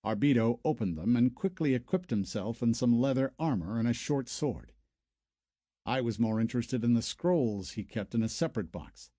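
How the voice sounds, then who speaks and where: A man's voice: medium pitch, normal speed, no echo. A man narrating a first-person sci-fi novel as an audiobook, close to the mic. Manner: storytelling, expressive.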